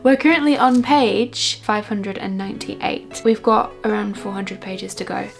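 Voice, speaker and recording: A young woman talks casually to the camera from her cosy home, her voice carrying a gravelly, fry-touched texture. She sounds enthusiastic, then turns hushed and soft when she settles down to read, with gentle guitar playing faintly underneath. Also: medium pitch, steady tone, measured pace. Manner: chatty and enthusiastic, drops to a soft hush while reading. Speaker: vlogger. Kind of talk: casual vlog chat. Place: cosy home reading corner.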